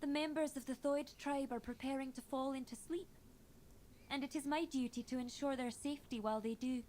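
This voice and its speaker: A woman's voice: high voice, steady tone, brisk, darkish tone, slight background noise, lightly acted. An actress voicing a small, proud female tribal chieftain who protects her people, speaking in a solemn, stern way. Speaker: game character. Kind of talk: game dialogue.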